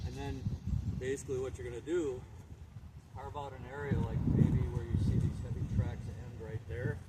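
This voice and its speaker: List: man, dog trainer, rural yard, short firm commands, distant, noisy. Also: moderate pace. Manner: high excited praise to the dog. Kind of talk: outdoor training instruction. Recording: distant mic, loud outdoor noise.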